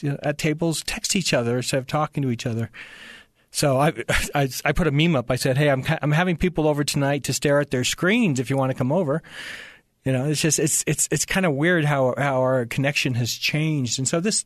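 An author appearing as an interview guest tells a story, stammering through restarts and acting out the voices of the people in it. His voice is fairly high-pitched, captured as clean studio sound with no echo.

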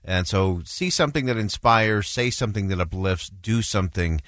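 Man, very low voice, radio host, measured and reflective, dry studio mic. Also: a bit bright, dry recording. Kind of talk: radio talk show commentary.

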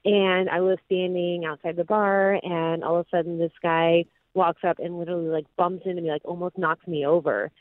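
A woman in her forties calling in to a radio show, telling a story in an animated way. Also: fairly low pitch, normal speed, few pauses, no echo. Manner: animated, acts out dialogue. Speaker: caller. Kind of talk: phone-in storytelling. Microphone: telephone. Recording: tinny phone line.

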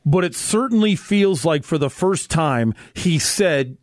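An upbeat man hosts a sports radio show in a studio, his voice pitched a little high for a man. He chats casually and laughs easily, and the close mic sounds dry. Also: animated, a little slow, no echo.

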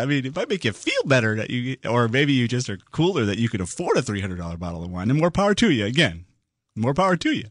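A man hosting a call-in radio show about computers, chatty and quick to laugh. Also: no room sound, studio quality. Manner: chatty, laughs often, lively pitch swings.

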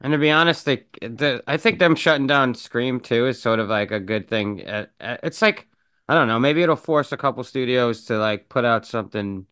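Smooth-voiced man, hesitant casual talk. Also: mid-range voice, normal speed, pushed and bright, no echo, studio quality. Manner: hesitant, filler-heavy. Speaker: podcast co-host. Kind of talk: casual chat.

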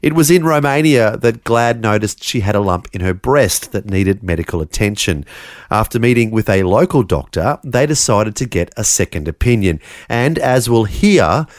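A man hosting, reading a scripted narration in a measured way. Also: lowish voice, no echo. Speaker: host. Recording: dry studio with faint music.

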